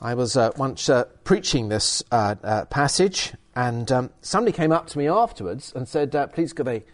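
Guy preaching a sermon, lively up and down voice, emphatic, lots of little uhs. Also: medium pitch, normal speed. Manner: animated, emphatic, with hesitant fillers. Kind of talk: sermon with bible reading.

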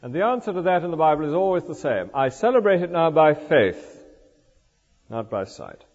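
An older man preaching a sermon in a church, explaining scripture with lively asides and rhetorical questions. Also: fairly high pitch, moderate pace. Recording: dull lo-fi recording in a reverberant church.

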